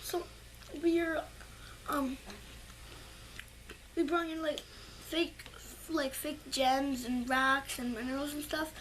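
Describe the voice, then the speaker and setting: High-voiced woman answering casually. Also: steady tone, slow pace, long pauses, a bit bright. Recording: noisy home video recording.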